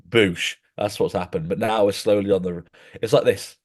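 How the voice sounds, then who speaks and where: A young man chats loosely on a podcast, his voice sitting very low. He rambles through stories in a laddish way, dropping "mate" into nearly every sentence. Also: steady tone, a little fast. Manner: rambling, laddish storytelling, says "mate" constantly. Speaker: podcast co-host. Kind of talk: casual chat.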